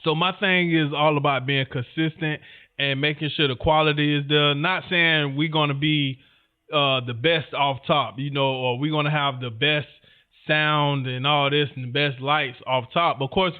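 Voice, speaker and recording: Male co-host, laid-back rambling talk, smooth voice, narrow tinny audio. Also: fairly high pitch, steady tone, normal speed. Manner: laid-back, rambling, talks straight to listeners. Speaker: podcast co-host. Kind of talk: casual conversation. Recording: phone-like narrow sound.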